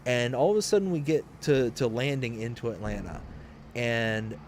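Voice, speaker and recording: A man's voice: mid-range voice, normal speed, darkish tone, slight background noise. Rambling man in his late twenties. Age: late 20s to early 30s. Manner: rambling, chatty, frequent restarts. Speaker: livestream host. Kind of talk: casual storytelling while streaming a game.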